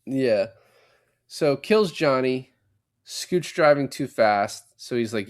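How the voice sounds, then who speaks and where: A man's voice: mid-range voice, slow pace, dry recording, studio quality. Swearing man recapping a movie. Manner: animated retelling, swears a lot, acts out lines. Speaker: podcast co-host. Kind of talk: casual movie recap chat.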